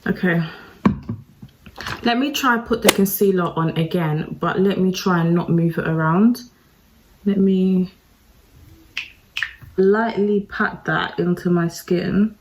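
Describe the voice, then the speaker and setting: A woman's voice: lowish voice, slow pace, pauses often, darkish tone, slight background noise, poor audio. A woman talking through a makeup tutorial, chatty and self-deprecating, addressing her viewers directly. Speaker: beauty vlogger. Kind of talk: casual makeup tutorial talk.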